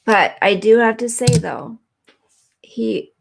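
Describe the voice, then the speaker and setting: A woman's voice: a little high, lively intonation, slow pace, vocal fry, a little hiss or hum. A woman hosting a live stream, chatting earnestly and emotionally with viewers and reading their comments.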